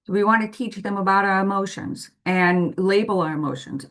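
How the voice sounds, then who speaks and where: A woman's voice: medium pitch, moderate pace, a bit bright. A woman presenting to parents in a patient, explanatory way, walking through everyday examples. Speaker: parent guide presenting to families.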